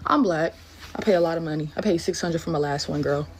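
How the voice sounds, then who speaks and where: A woman rants casually in an animated, incredulous way from some distance off the mic. Faint background ambience sits under her voice. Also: sits low, rapid-fire, slight background noise. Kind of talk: casual video rant.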